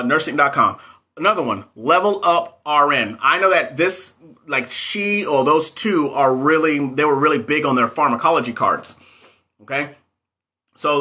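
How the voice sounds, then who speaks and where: A man chatting live with his viewers, his voice bright and forward. He talks in a blunt, animated way and calls out to the audience as he goes, sometimes swearing. His pitch sits in the middle for a man. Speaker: livestream host giving nursing exam advice. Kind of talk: casual livestream chat.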